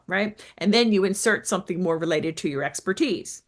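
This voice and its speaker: A woman's voice: lowish voice, fairly quick. A woman coaching business owners on sales, with an upbeat, emphatic delivery, often checking in with "right?". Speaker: business coach and show host. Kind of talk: coaching talk to camera.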